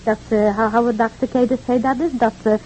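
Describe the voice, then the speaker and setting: The mother of the family, a kindly, talkative immigrant, is played by an actress in a 1940s radio piece preserved in a dull old recording with faint hiss or hum. She speaks a little fast in a fairly high, mellow, steady voice that stays close to everyday talk. Her chatty manner is full of stammered repeats, rambling, and philosophizing.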